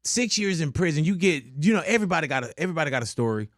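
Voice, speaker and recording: A male radio host asking a guest questions in a relaxed, conversational way. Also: a little high, rapid-fire, no echo, clean studio sound. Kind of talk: interview questions.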